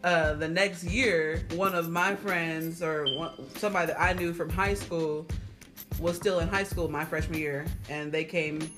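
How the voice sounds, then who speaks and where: A man's voice: a little high, steady tone, measured pace, music in the background. A young man on a podcast reminiscing in casual chat, rambling and using fillers as he recalls things.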